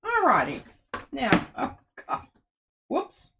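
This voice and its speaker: A woman's voice: high-pitched, wildly swooping pitch, slow pace, background noise. A woman co-hosting a live art show, chatting and explaining each step as she works. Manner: chatty, explains steps while working. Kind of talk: live crafting demonstration.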